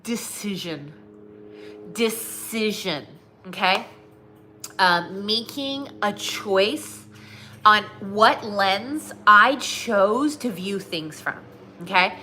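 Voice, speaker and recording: A woman weight loss coach tells her own story in a loose, chatty way, full of little fillers. Her voice sounds bright and clear, sitting in a middle pitch for a woman. She is from Southern California. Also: lively intonation, extremely slow, a little hiss or hum. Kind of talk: personal storytelling.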